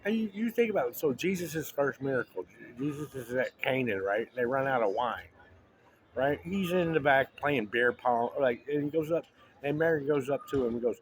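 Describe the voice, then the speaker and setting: A man's voice: medium pitch, lively intonation, normal speed, slight background noise. A man in a rambling, joking casual monologue, full of restarts and asides to the listener.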